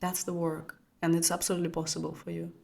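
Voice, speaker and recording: A woman with a Russian mother tongue speaks as a spiritual coach in an intimate teaching talk. Her delivery is soft and flowing, full of restarts and repeated words. She often lowers her voice to a hush, almost a whisper. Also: completely flat delivery, fast, vocal fry, a little hiss or hum.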